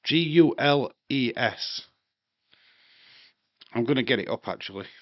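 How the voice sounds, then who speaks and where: A man's voice: mid-range voice, expressive, unhurried, no echo. A man chatting casually and rambling on a live wrestling watch-along stream, swearing now and then. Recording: dry, slightly dull home mic.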